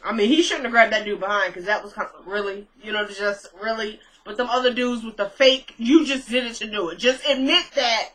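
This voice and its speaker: Bright-voiced woman chatting casually. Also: medium pitch, brisk, hardly any pauses, poor audio. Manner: chatty retelling, filler-heavy, laughs at own asides. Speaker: TV episode recap vlogger. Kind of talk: casual chat.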